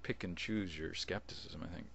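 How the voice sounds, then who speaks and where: His voice sits low with some vocal fry and a slightly bright edge, at normal speed, with a little background noise. This vlogger chats casually in a video response, rambling and restarting as he chuckles.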